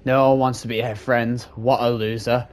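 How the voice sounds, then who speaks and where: Male let's-play host, mid-pitched, scared and swearing as he plays a horror game. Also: level tone, normal speed. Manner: jumpy, frightened, swearing. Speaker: gaming channel host.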